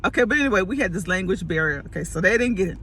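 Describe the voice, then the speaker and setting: Woman vlogger, lively storyteller with a bright, forceful voice, does all the voices herself. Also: mid-range voice, rapid-fire, slight background noise. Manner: animated, acts out quoted voices, laughs often. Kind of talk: casual storytelling to camera.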